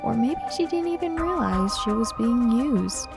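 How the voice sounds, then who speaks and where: A woman's voice: a little high, animated, unhurried, vocal fry. A woman playing a dry, teasing detective. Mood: musing. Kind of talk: game voice-over read live. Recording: game music playing behind.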